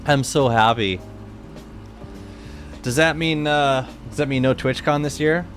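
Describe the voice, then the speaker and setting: A man in his thirties streaming a game, chatting casually and excitably with many restarts. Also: medium pitch, measured pace, faint music behind. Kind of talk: casual live-stream chat.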